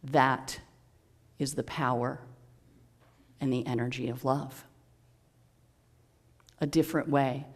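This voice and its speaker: Minister, sermon storytelling, very slow pace, measured, dramatic pauses, mid pitch. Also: steady tone.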